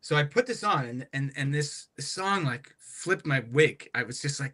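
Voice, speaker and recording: Bright-voiced man telling a rambling story. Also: on the high side, normal speed. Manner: rambling, animated anecdotes with many restarts. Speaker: guest musician. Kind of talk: casual podcast storytelling.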